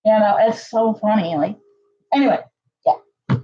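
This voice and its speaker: Chatty woman vlogger, slightly muffled sound. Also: a little slow. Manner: chatty, full of "like" and "you know", lively pitch jumps. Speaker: channel host. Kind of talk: casual storytelling to camera.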